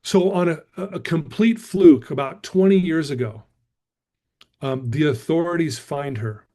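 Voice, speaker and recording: Middle-aged man, fairly high voice, emphatic, motivational storytelling. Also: unhurried, warm tone. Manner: emphatic, repeatedly addresses listeners as "guys". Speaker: guest speaker.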